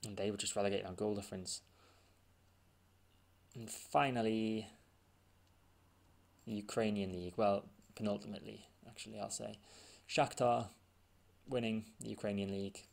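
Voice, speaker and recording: A man's voice: fairly low pitch, level tone, normal speed, gravelly, long pauses. A man giving casual gameplay commentary, thinking aloud and muttering as he reads results off the screen. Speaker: gaming channel host.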